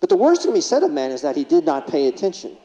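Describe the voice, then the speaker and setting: A man's voice: a little high, wildly swooping pitch, very fast, warm tone. A man giving a humorous conference keynote, telling stories and acting out what others said. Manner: humorous, acts out quotes from patients. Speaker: keynote speaker. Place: conference hall. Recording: lo-fi recording, long hall reverb.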